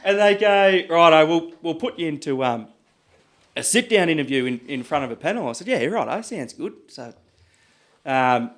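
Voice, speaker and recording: An Australian man telling stories in a casual podcast chat, animated and swearing freely. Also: on the high side, normal speed. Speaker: podcast guest, butcher. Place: podcast studio.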